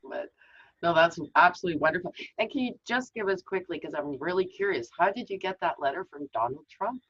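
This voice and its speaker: Husky-voiced woman host, dull sound. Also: fairly low pitch, lively intonation, fairly quick, no room sound. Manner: warmly curious, encouraging questions. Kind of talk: interview hosting.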